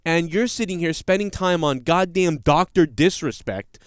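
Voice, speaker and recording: A man's voice: on the high side, lively intonation, moderate pace, clean tone, dry recording, clean studio sound. A man hosting a podcast, ranting in a casual, blunt and profane way with rambling restarts. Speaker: podcast host. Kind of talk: casual commentary rant.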